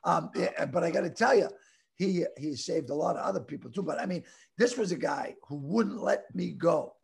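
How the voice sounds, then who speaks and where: A middle-aged man from the Boston area telling a rambling story with stammering restarts and animated voices. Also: a little high, normal speed, gravelly. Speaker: comedian guest telling a story. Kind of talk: casual storytelling.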